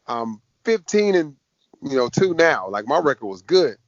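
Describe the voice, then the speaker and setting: A man, a fighter being interviewed, telling stories in a casual, lively way. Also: medium pitch, normal speed, no echo. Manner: lively storyteller, acts out quoted voices. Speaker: MMA fighter guest. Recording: dull dry podcast audio.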